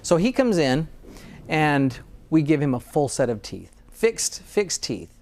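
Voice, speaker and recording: A man's voice: a little high, animated, measured pace, a little mellow. A middle-aged American dentist in a casual interview, earnest and sometimes getting emotional about his work. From United States.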